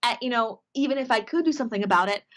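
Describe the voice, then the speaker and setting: Animated woman from Minnesota telling stories. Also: fairly high pitch, very fast. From Minnesota, USA. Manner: animated storyteller, acts out quoted dialogue, many fillers. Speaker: cohost. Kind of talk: casual chat. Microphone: video call.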